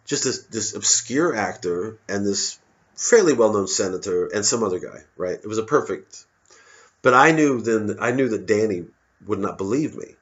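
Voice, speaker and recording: A man with a fairly low voice rambles through a stand-up monologue, cutting himself off mid-thought and swearing freely. The recording is dull and lo-fi. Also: animated, normal speed. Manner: digressive, self-interrupting, profane. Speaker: comedian.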